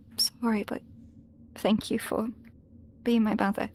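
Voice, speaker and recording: Brief: woman roleplaying, voice a bit high, earnest and soft, faint game-world noise. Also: flat delivery, moderate pace. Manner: earnest and emotional, often whispering. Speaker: roleplay player. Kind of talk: in-character voice roleplay.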